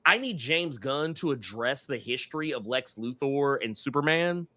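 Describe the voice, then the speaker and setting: A man's voice: medium pitch, animated, moderate pace, bright, forceful tone, dry recording. A man from Tennessee, co-hosting a casual movie discussion, swearing freely and acting out quotes. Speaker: podcast co-host.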